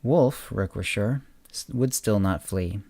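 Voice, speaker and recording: A man hosting a podcast, reading his own short story aloud in a steady narration. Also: lowish voice, takes it slowly, dry recording. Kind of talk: audiobook-style story narration.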